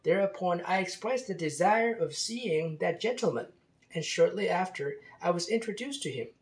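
A man reading out an old French statesman's account in a put-on French accent, measured and dignified. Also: high-pitched, lively intonation, voice pushed up. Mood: reflective. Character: 18th-century French statesman, older man, reflective and dignified.

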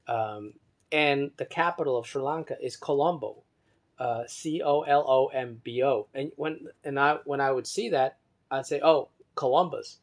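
A man talks on his own in a meandering monologue, reading from an article as he goes. His voice sits at an ordinary middle pitch. He hesitates often, restarts phrases, and spells out words one letter at a time, drifting between soft muttering and louder emphasis. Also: moderate pace.

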